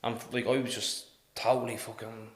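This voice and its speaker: A man with a Dublin accent, a podcast guest telling stories in a casual, animated way, laughing and swearing often. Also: medium pitch, moderate pace. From Ireland. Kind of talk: casual storytelling. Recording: roomy echo.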